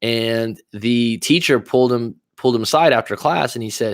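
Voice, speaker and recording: Relaxed male coach talking on a livestream. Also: medium pitch, moderate pace, few pauses, dry recording, clean studio sound. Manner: casual, reflective, loosely paced with asides. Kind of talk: livestream monologue.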